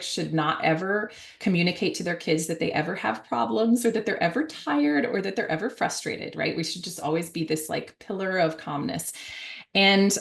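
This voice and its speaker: Low-voiced woman with a gravelly edge. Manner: conversational, frequent fillers and self-corrections; acts out parent and child voices at a higher pitch. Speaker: author and guest speaker. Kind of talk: talk on parenting.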